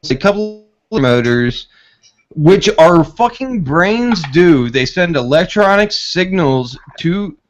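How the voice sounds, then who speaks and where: A man's voice: high-pitched, lively intonation, slow pace, highs cut off. A man hosting a casual online show, joking crudely and swearing constantly. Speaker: show host. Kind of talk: casual profane chat.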